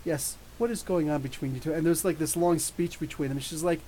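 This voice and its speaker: A man in his thirties hosting a live podcast, reading viewer questions and telling rambling, animated stories. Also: on the high side, brisk, hardly any pauses, poor audio. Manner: rambling, animated storytelling with laughs. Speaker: podcast host. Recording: faint hiss.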